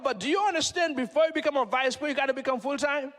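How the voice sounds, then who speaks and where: A man's voice: extremely high pitch, fast talker, fairly bright tone. A middle-aged man with a Haitian accent giving a motivational speech from a stage, peppering the crowd with rhetorical questions. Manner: preachy, fires rhetorical questions at the audience. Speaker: motivational speaker. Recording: long hall reverb.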